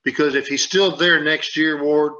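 A man's voice: a little high, fairly even intonation, normal speed, bright, forceful tone. A man on a sports radio show, rambling and repeating himself as he tells a story and acts out what people said. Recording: dull lo-fi sound.

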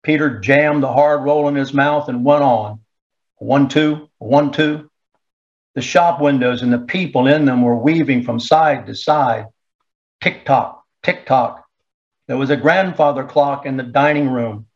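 A man narrating a story in a steady, measured storytelling voice. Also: mid-range voice. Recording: dull lo-fi recording.

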